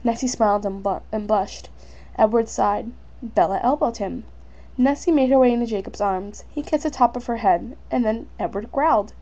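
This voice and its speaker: A woman's voice: a little high, normal speed, warm tone, highs cut off. A young woman reading her own story aloud in a casual, unpolished way, with fillers and small slips. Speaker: fan fiction reader.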